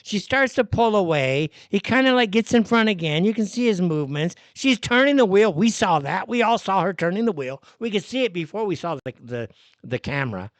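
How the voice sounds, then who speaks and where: A male host delivers a heated, profane live rant, sounding exasperated at every turn. His voice sits a little high and leaps around in pitch. The sound is dry and close. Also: lively intonation, brisk, dry recording. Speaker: show host. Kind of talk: ranting live commentary.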